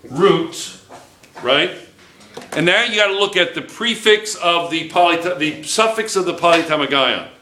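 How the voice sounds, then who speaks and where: A man's voice: a little high, expressive, a little slow, pushed and bright, slight background noise. A man teaching a chemistry class, thinking aloud at the board, correcting himself and checking in with the students again and again. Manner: checks in constantly with "okay?", restarts and self-corrects. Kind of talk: classroom lecture at a whiteboard. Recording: echoey classroom, recorded from a distance.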